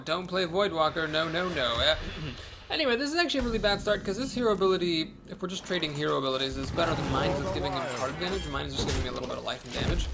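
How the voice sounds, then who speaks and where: This host talks through his card game out loud, casual and quick to make fun of himself. His voice is on the high side and creaky, set against a noisy background.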